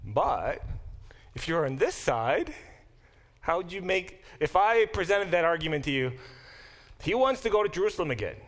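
A man teaching a Bible class as a professor, talking in an animated, self-deprecating way in a classroom, often restarting and adding asides. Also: fairly high pitch, normal speed, pauses often. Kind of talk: classroom lecture.

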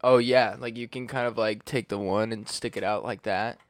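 A man's voice: lowish voice, steady tone, moderate pace. A young adult man hosting a casual podcast, swearing freely and laughing often. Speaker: podcast host.

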